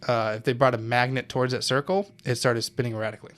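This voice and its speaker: Podcast co-host, young man, mid-pitched, casual storyteller who swears and rambles. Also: steady tone, fast talker, fairly bright tone. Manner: loose, swears often, laughs, loses his thread. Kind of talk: casual chat.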